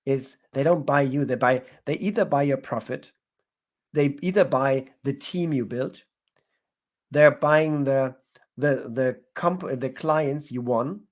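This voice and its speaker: Guy w a talking business tips, keeps restarting sentences, middle-pitched voice. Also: slow, a little mellow. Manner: searching, restarts phrases mid-sentence. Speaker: guest entrepreneur. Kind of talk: casual interview answers.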